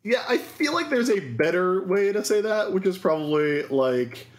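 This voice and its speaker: A man co-hosting a laid-back podcast, cracking deadpan jokes while recapping an episode. His voice is a touch higher than most men's. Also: normal speed. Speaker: podcast co-host. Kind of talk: casual chat recapping an anime episode.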